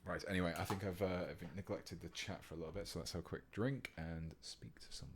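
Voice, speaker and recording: A man's voice: sits low, fairly quick, slight background noise. A British man giving a casual painting tutorial on a live stream, chatting with viewers as he works. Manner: relaxed and chatty, reading out viewer comments.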